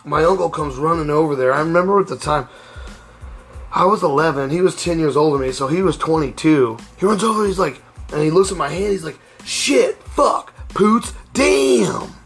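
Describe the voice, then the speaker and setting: A man's voice: on the high side, fast, breathy edge, faint music behind. A middle-aged man hosting a casual storytelling podcast, speaking candidly and rambling with frequent restarts. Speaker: podcast host.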